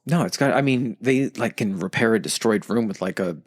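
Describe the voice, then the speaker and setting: A man's voice: on the low side, fairly quick, no room sound, studio quality. Casual, profane podcast man. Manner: rambling, profane, acts out quoted characters. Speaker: podcast co-host explaining history.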